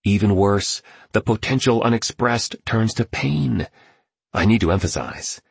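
A man voicing an exuberant, eccentric male billionaire mentor who gushes loudly. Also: fairly low pitch, measured pace, vocal fry, slightly rough, dry recording, exaggerated voice. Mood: emphatic. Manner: loud, gushing.

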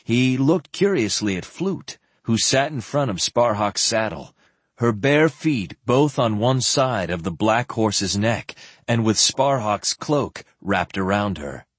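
A man narrating a fantasy audiobook in an expressive storytelling manner. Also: fairly low pitch, slow pace, husky, dry recording. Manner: expressive storytelling with voiced characters.

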